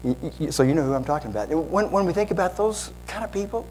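Guest pastor guy preaching, candid and a bit self-mocking, lively up-and-down voice, faint music behind. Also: on the high side, fast, hardly any pauses, poor audio. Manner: candid, self-deprecating, conversational with asides. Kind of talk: sermon.

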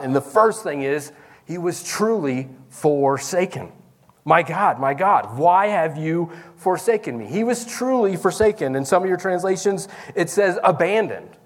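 A man preaching a sermon as pastor in a church service, talking in a conversational way and calling out to the congregation. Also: fairly high pitch.

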